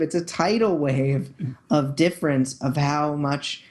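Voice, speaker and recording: A man's voice: a little high, steady tone, takes it slowly, darkish tone. A man hosting a podcast in casual chat, upbeat and jokey, often restarting and repeating words as he talks. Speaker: podcast host.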